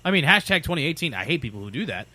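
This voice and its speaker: Male co-host, bright and animated, slightly raised pitch, joking questioner. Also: very fast, no room sound. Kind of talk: casual podcast chat.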